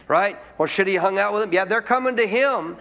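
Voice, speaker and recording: High-voiced emphatic preacher man. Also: a little fast, gravelly, a bit bright. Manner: emphatic, questions the congregation and repeats points. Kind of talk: sermon. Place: church.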